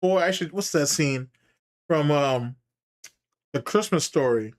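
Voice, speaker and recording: A male host riffing in casual, profane commentary, teasing and taunting his subject. His voice sits slightly high and leaps up and down expressively. He keeps breaking into laughter as he needles. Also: expressive, slow pace. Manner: mocking, taunting, laughs often.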